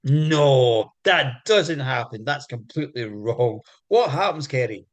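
A man, co-hosting a podcast and retelling folk tales in a playful, animated way with jokey asides. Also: medium pitch, slow pace. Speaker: podcast co-host. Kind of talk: comic storytelling chat.

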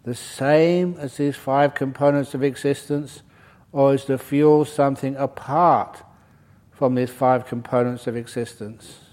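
A man speaking in a steady, slightly mellow, medium-pitched voice at a measured pace gives a dharma talk as the group's meditation teacher in a retreat centre meditation hall. His talk digresses with humor, interrupted by jokes.

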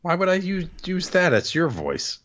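A man's voice: high voice, wildly swooping pitch, moderate pace, a bit bright, dull audio. A man co-hosting a casual podcast, bantering playfully with his partner. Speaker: podcast co-host. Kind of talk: casual chat.

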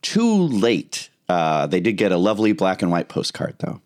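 A man co-hosting a casual music podcast, talking in a relaxed, offhand way and sharing background facts. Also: low-pitched, normal speed. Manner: relaxed, offhand, does the research. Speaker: podcast co-host. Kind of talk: casual chat.

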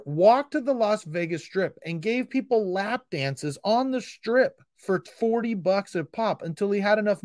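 A man's voice: sits high, darkish tone, dry recording, studio quality. A man hosting a solo podcast, answering a listener with intense, emphatic tough love that comes across as a bit frustrated. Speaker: podcast host. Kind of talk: solo podcast pep talk.

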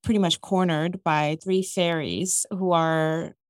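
A woman's voice: fairly low pitch, slow pace, no echo. Chatty woman retelling a book plot, jokey, does little voices for the characters, dry close sound. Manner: animated, jokey, acts out characters' lines. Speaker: podcast co-host recapping a book. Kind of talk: casual chat.

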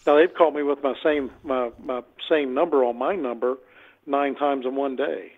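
Over a tinny phone line, a man calls in to a radio show and rambles through stories about scam calls, repeating himself and acting out both sides of each exchange. His voice is medium-pitched and steady, and his pace is moderate.

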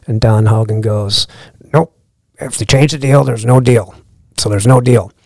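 In an unhurried, mid-range voice with no echo, this middle-aged podcast guest who runs a lodge recounts a long tale informally. He brings it alive by performing the quoted conversations.

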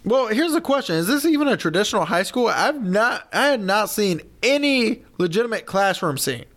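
A man co-hosting a casual movie review podcast, throwing in dry wisecracks and quick corrections. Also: high-pitched, sing-song, a bit bright. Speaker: podcast co-host.

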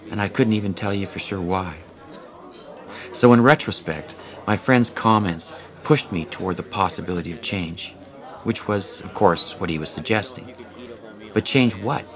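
Low-voiced male narrator for a self-help read; plainspoken, wry, a bit salty. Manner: candid, wry, conversational, with casual swearing. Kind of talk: first-person audiobook narration.

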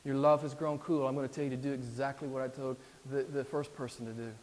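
A male pastor preaching a sermon, emphatic and repetitive, swinging between loud exhortation and hushed appeals. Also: mid-range voice, flat delivery, fast. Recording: long reverb in a large hall.

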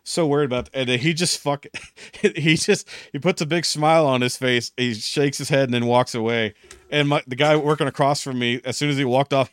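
Here a young podcast co-host with a mid-range, clean-toned voice recounts a story in casual, foul-mouthed banter. He acts out each quoted voice, and the dry recording has studio quality.

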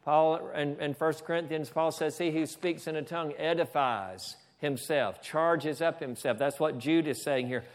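Preaching man, a bit high. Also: normal speed, few pauses. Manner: preaching with frequent "Amen?" and asides to the slide operator. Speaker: pastor. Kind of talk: sermon. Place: church.

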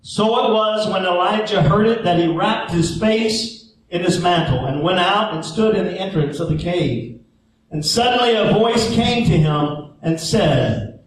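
A man's voice: high voice, animated, unhurried, slight background noise. A male pastor preaching a sermon, leading the congregation in call-and-response. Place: church sanctuary. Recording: echoey church sound from far off.

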